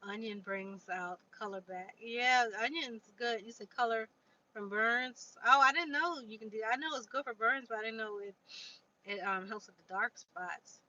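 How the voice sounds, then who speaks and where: Here a woman hosting a livestream talks easily, responding to viewer comments and reading passages from a book. Her pitch is a little high and her pace normal, the delivery pushed and bright. Faint noise runs through the dull, lo-fi stream sound.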